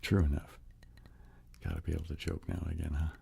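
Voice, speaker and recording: A man hosting a soft-spoken ASMR live stream, chatting casually with viewers and breathing whispered trigger words. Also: rumbling low, flat delivery, quick pace, creaky, breathy edge. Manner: chatty, answering viewers' comments.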